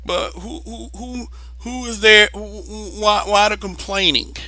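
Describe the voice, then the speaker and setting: A man's voice: high voice, unhurried, bright, forceful tone, no room sound, poor audio. A young man giving blunt, profane opinions in a casual monologue, repeating words as he presses his point.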